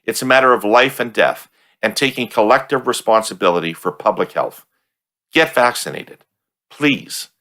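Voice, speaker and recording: A man's voice: mid-range voice, normal speed, bright, forceful tone. A Canadian man hosting a political podcast, bantering bluntly with his guest and reading a sponsor message. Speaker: podcast host and interviewer. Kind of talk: interview hosting and sponsor read.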